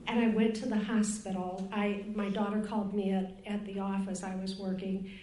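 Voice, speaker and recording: A woman's voice: medium pitch, flat delivery, moderate pace, dark tone. An older woman from Cleveland, Ohio, giving a candid, rambling personal testimony as a speaker on a recovery panel. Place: conference room at a retreat. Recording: roomy conference room.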